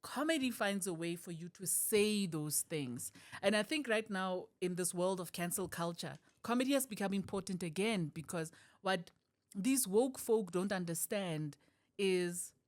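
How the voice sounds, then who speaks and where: Middle-aged South African woman, comedian guest; expressive, laughs often, slips into voices. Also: medium pitch, a little slow. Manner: animated, laughs often, switches voices for quotes. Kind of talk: podcast interview.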